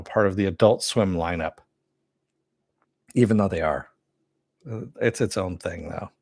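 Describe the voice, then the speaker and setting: A man giving a casual spoken review of an animated series, rambling with many fillers and self-corrections, and answering chat as he goes. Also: low-pitched, no room sound, studio quality. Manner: reads and answers live chat.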